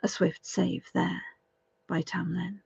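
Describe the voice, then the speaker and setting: A woman's voice: fairly low pitch, level tone, takes it slowly, vocal fry, a little mellow, breathy edge, no echo. A woman storyteller telling a folk tale aloud, dramatic and lingering over repeated phrases. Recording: dull, dry lo-fi recording.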